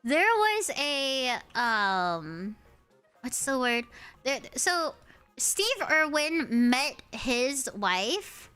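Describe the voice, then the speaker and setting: A young American woman chats casually with her stream viewers and tells stories in an animated way, peppered with swearing and acted-out quotes. Her voice is high and smooth, and it swoops widely. Soft music plays faintly behind her. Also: extremely slow. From United States. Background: faint background music.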